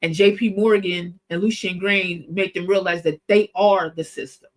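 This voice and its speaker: A woman hosting a show, talking through history in a casual, animated, slangy way. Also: lowish voice, moderate pace, low-quality recording. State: coughing spell. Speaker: host. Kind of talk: casual commentary.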